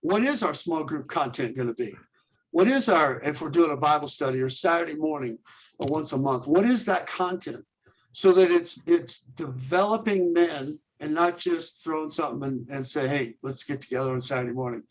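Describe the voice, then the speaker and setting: In a muffled recording, a man with a slightly high, animated voice speaks at a moderate pace. He's a men's ministry leader being interviewed, earnestly explaining steps while firing off rhetorical questions and often restarting what he says.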